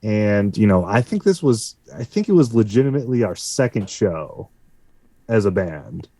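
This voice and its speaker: A man's voice: fairly low pitch, very animated, moderate pace, dark tone, dry recording. A man co-hosting a casual podcast, laid-back, telling band stories and swearing freely. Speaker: co-host, musician.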